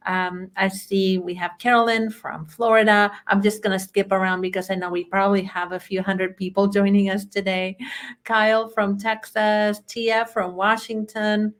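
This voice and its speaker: A woman's voice: mid-range voice, little pitch movement, moderate pace. A woman with a Chilean accent hosting a live webinar as a bookkeeping trainer, effusive and chatty as she greets attendees by name.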